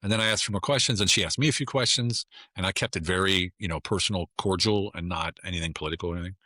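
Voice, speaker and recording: A middle-aged man who is a podcast guest, telling stories in a relaxed talk and acting out the dialogue. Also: low-pitched, rapid-fire, no echo, studio quality. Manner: animated storyteller who acts out dialogue. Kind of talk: casual interview conversation.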